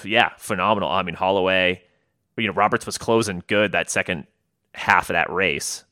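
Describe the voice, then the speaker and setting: A man chatting casually about track results as co-host, halting and repeating words with lots of fillers. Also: low voice, steady tone, sharp tone, dry recording, clean studio sound. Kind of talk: casual sports chat.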